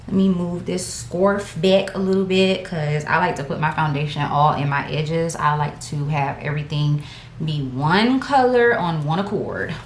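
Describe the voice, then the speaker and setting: A woman's voice: low voice, moderate pace, reverberant, a little hiss or hum. A woman beauty vlogger, chatting casually and slangily to her viewers at home. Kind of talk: casual get-ready-with-me chat.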